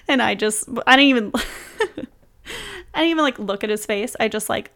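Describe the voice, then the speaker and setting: A bubbly young woman chatting through a personal story, laughing often. Her voice sits a touch high and sounds smooth and clear. She talks casually, close to the mic. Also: animated, moderate pace, pauses often, bright, forceful tone. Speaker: vlogger. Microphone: close mic, reading from a journal.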